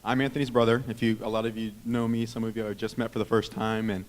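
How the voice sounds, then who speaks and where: A man in his thirties gives a wedding toast at a reception, a touch low in pitch. His talk rambles and restarts, heartfelt and self-teasing. The sound carries a long reverb from the hall around him. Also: flat delivery, fast talker. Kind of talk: wedding speech.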